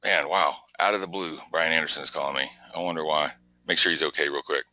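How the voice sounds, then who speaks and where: Bright, pushy man hosting a webinar. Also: very deep voice, fast, dry recording, dull audio. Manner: energetic, repetitive, pushy coaching. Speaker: webinar host. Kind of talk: live business webinar talk.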